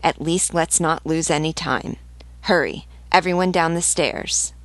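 A woman's voice: deep voice, no room sound. A woman reading the lines of a loyal male servant who urges everyone to hurry. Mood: urgent. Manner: urgent, hurried.

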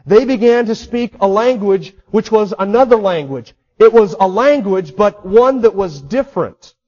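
A man's voice: sits high, animated, normal speed, darkish tone, lo-fi sound. A man preaching a sermon in an emphatic way, repeating key words for stress. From United States. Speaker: pastor.

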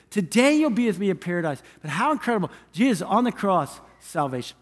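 A male pastor preaches to his congregation in a high, ringing voice, hammering home each point with repeated phrases. His words trail off into the long reverb of a large church hall. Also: big pitch swings, a little fast, hardly any pauses. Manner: emphatic, repetitive preaching cadence. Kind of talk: sermon. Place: church sanctuary.

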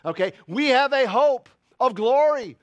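Pastor guy preaching hard, kinda high voice, gets loud then drops real quiet. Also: animated, a little slow, muffled recording. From Italian heritage. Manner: fervent, loud preaching with sudden quiet asides. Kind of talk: sermon.

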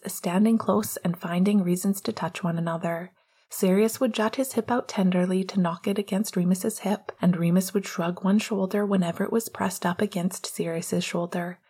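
Soft-spoken woman reading a story. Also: mid-range voice, breathy edge. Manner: soft, hushed, gentle narration. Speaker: narrator. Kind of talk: audiobook reading of fan fiction.

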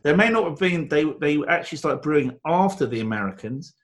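A man's voice: on the high side, expressive, fairly quick. A man co-hosting a casual beer-tasting chat, rambling and enthusiastic, with frequent restarts and fillers. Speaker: podcast co-host.

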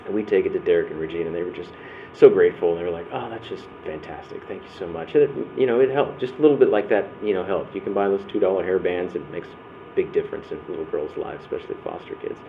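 Male workshop speaker, low-pitched and casual, storytelling, sounds like a phone line. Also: racing. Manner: conversational, restarts and acts out quotes. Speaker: breakout session speaker. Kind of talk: storytelling church workshop talk. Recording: tinny phone-like sound with faint noise.

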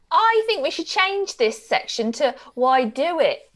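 A woman co-hosting a podcast in a relaxed, easygoing chat. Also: high-pitched, unhurried. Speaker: podcast co-host. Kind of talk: casual chat.

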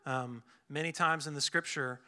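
A man's voice: on the high side, fairly even intonation, normal speed, sharp tone. A young man giving an earnest, casual sermon, full of fillers and restarts. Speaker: preacher. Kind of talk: conversational sermon.

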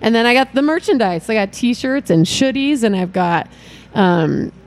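Middle-aged mom as chatty guest, rambling and upbeat, pitched a bit high. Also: female voice, animated, normal speed, slight background noise. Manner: bubbly, rambling, laughs often. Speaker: guest, event organizer and mother. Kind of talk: casual interview chat.

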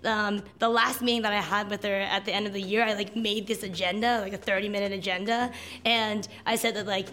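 A woman's voice: mid-range voice, level tone, fairly quick, sharp tone, a little hiss or hum. A woman telling her personal story casually, with fillers. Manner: chatty with fillers. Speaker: interviewee sharing her story.

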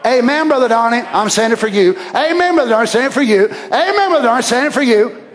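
A man preaching a fiery sermon, often shouting and calling out hallelujah. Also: very high voice, expressive, fast talker. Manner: shouting, exclaiming hallelujah, acting out quoted voices.

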